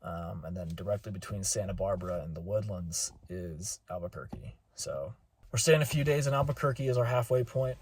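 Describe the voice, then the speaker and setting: A man giving a relaxed, rambling travel update from his car, with lots of fillers. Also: sits low, brisk, husky. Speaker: vlogger.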